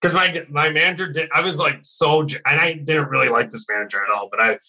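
A man's voice: on the high side, fast talker, sharp tone, poor audio. A man in casual chat telling a long story, rambling with many fillers and swearing freely. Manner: rambling, heavy on "like", swears a lot.

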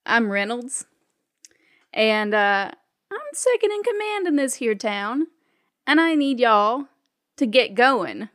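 A woman doing a gruff bossy lawman. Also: fairly high pitch, lively intonation, slow pace, pauses often, a bit bright, dry recording, clean studio sound. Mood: commanding. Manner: curt, commanding. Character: gruff bossy male town enforcer.

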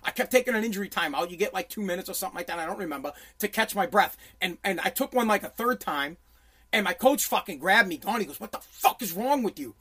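Man, profane intense storytelling, bright tone, stumbling restarts. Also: sits high, animated, fast talker. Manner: intense, swearing, many restarts.

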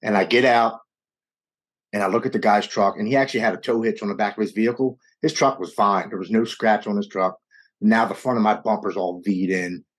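A man with a low, husky voice recounts his own hard story to an interviewer. He talks in an earnest, unguarded way, rushing some lines and dragging others as the feeling takes him. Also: steady tone. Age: adult with young children. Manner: earnest, raw, quickens and slows with emotion. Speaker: guest sharing his recovery story. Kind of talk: candid personal storytelling.

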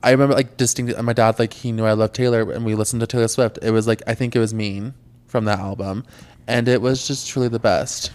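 A young man in his twenties co-hosting a casual podcast, with a mid-range voice. He talks in an excitable, gushing way and fills his speech with "like". The chat is loose and friendly. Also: mid-range voice, quick pace. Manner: gushing, excitable, filler-heavy. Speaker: podcast co-host.

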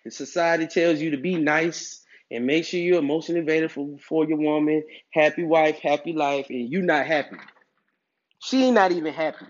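A man's voice: on the high side, normal speed. A man giving dating advice to other men in a casual monologue, emphatic and preachy, with streetwise slang. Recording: dull lo-fi recording.

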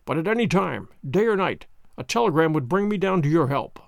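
A man reading the part of a grave, brilliant detective in a storybook, measured and authoritative. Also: fairly high pitch, lively intonation, vocal fry, no echo, studio quality.

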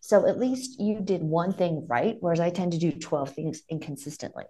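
A woman from Ohio, a stand-up comedian, chatting in an animated, encouraging way. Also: on the low side, moderate pace. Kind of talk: casual chat.

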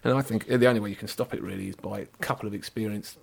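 A man co-hosting a casual football chat, animated and sarcastic. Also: on the low side, racing, vocal fry, breathy edge. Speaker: football podcast co-host.

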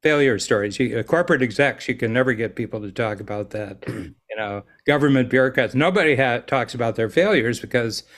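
A man's voice: medium pitch, lively intonation, brisk, hardly any pauses, a bit bright. An American man, a podcast guest, telling rambling stories in casual conversation and chuckling often. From United States. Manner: rambling storyteller, laughs often, restarts.

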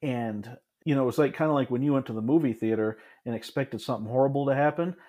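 A man's voice: mid-range voice, fast, mellow. Man in his thirties telling a story. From Michigan, USA. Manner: reflective, many restarts and asides. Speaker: podcast guest. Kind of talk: casual storytelling in an interview.

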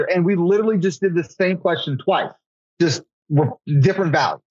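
A young man rambles through casual chat, filling his sentences with "like". His voice sits somewhat high, and the recording is dry and a little muffled. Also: fairly quick, a little mellow, dry recording. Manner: rambling, says "like" a lot. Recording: slightly dull podcast audio.

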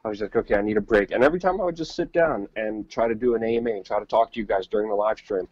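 A male podcast co-host reporting from the field chats casually over a remote call during a live stream, rambling, repeating words, and using many fillers. His lowish voice races and is a little mellow and slightly rough, in a dry recording with the highs cut off.

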